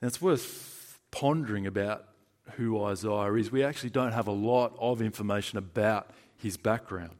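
A man with an Australian accent preaching a sermon in a conversational, emphatic way, moving between loud stresses and hushed lines. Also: fairly low pitch, moderate pace.

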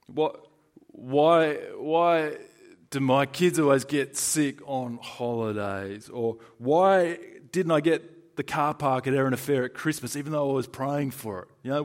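In a mid-range voice, a man with an Australian accent preaches a sermon. His conversational, emphatic delivery moves between loud stresses and hushed moments.

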